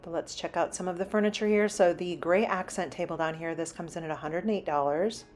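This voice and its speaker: A shopping vlogger with a lowish, darkish voice walks through a large home improvement store, talking a little fast. She chats casually and reads out prices as she browses, with faint music behind her.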